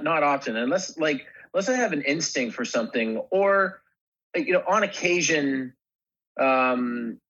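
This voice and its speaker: A man's voice: medium pitch, a bit bright. A man, a guest actor in a casual podcast chat, talking through his work in a hesitant way with many restarted phrases. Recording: slightly muffled, dull sound.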